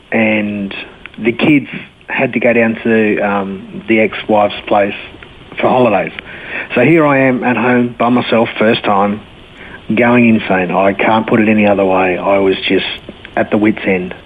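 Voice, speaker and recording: A man's voice: fairly low pitch, normal speed. Australian man on a tinny phone line. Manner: blunt, laid-back storyteller, laughs easily. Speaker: guest sharing his faith story. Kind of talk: telling his life story in an interview. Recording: tinny phone-line sound, faint hiss.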